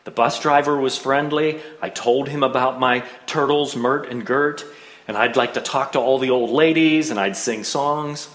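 A man's voice: medium pitch, fairly even intonation, moderate pace, a bit bright. A middle-aged man telling a personal childhood story with wry, self-mocking humor. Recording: roomy echo.

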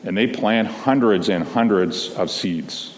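A man, a minister, tells a children's story to a congregation in a gentle, slow storytelling manner, speaking to the children. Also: lowish voice, slight background noise. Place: large church sanctuary. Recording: long reverb of a big hall.

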